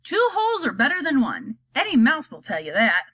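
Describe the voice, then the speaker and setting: A woman's voice: high voice, huge pitch swings, a little fast, fairly bright tone, breathy edge, voice pushed up, exaggerated voice. A woman voicing a whimsical, eccentric male chocolate maker, grand and teasing in a storybook reading.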